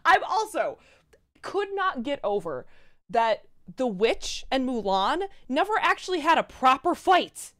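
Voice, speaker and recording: Lively-voiced woman chatting on a review panel. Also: high voice, unhurried. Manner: animated, frequent fillers and laughs. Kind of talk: casual group discussion.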